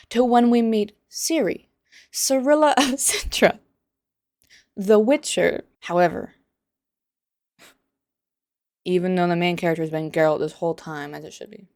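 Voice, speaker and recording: A young woman with a lowish voice delivers opinionated vlog commentary, full of sarcasm and disbelief. The recording is dry and close, with no room sound around her. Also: no room sound. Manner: sarcastic, incredulous. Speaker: commentary vlogger.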